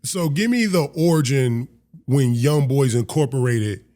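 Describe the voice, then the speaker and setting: A man's voice: medium pitch, expressive, unhurried, dark tone. A man hosting a casual interview, asking short questions and reacting briefly.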